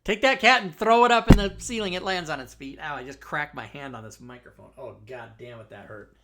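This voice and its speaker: A man's voice: a little high, a little fast, a bit bright. A man running a tabletop game from home, loose and self-mocking, swearing often and drifting back from his desk mic. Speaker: dungeon master and streamer. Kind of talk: casual tabletop game chat. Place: home streaming setup. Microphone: desk microphone, often leaned away from.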